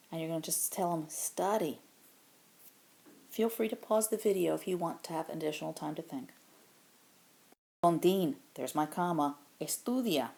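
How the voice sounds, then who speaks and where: A woman teaching a grammar lesson, explaining patiently step by step and modeling example phrases slowly. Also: fairly low pitch, dark tone. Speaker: Spanish teacher.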